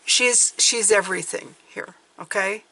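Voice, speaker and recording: Bright-voiced woman giving a rambling tarot reading. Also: medium pitch, measured pace. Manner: rambling, repeats "okay?" often. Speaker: tarot reader. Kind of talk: casual intuitive tarot reading.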